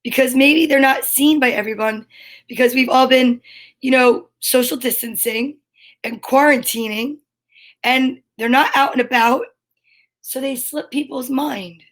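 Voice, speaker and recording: A woman with a high voice hosts a children's show in a cheerful, goofy manner. She takes her time, drawing out each word as she greets the kids by name. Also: steady tone, unhurried. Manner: cheerful, goofy, reads out long lists of names. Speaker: host of a kids' story time show. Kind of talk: casual chat to children.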